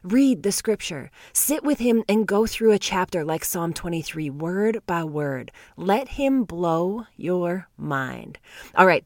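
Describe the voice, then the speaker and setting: Earnest woman doing a devotional bible talk, kinda low voice, dead dry recording, leans hard on words. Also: lively intonation, takes it slowly, no echo. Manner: earnest, emphatic, drawing out key words with laughter. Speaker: Bible teacher. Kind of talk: devotional teaching to viewers.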